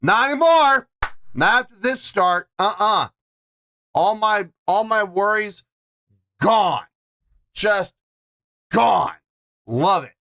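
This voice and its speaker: A man giving casual reaction commentary on a song from his recording setup, talking to his viewers as "folks" in a chatty, animated way. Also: high voice, slow pace, long pauses, no room sound. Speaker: music reaction reviewer.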